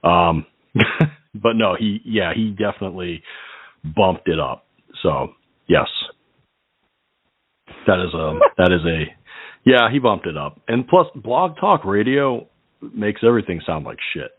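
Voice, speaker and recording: A man's voice: deep voice, animated, measured pace, long pauses, husky, dry recording. A man hosting a casual call-in radio show, rambling through crude jokes and laughing often. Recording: tinny phone-like line.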